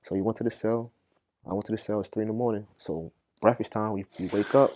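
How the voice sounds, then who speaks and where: A young man from Boston telling a story as a podcast guest, in an animated, slangy way that gets loud as the story builds. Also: fairly low pitch, fast, dry recording, studio quality. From Boston, Massachusetts. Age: young adult. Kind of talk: casual storytelling.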